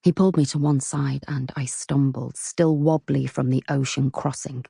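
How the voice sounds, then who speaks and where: A woman's voice: rumbling low, steady tone, normal speed, gravelly, warm tone, breathy edge, no room sound, studio quality. A woman narrating a novel aloud in the first person, with a cheeky, wry storytelling manner. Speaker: audiobook narrator.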